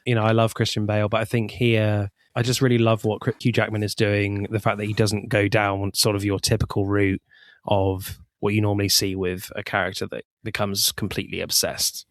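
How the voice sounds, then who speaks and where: A man's voice: fairly low pitch, completely flat delivery, fairly quick, no echo, studio quality. A man hosting a casual film podcast, laughing often and restarting his sentences as he talks. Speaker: podcast host. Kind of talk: casual film review chat.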